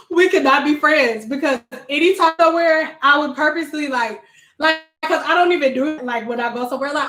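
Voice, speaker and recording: A young woman vlogger with a high voice speaks fairly quickly, sharing funny stories in a casual chat in an echoey room. Laughing a lot, she animatedly performs the voices of the people she quotes.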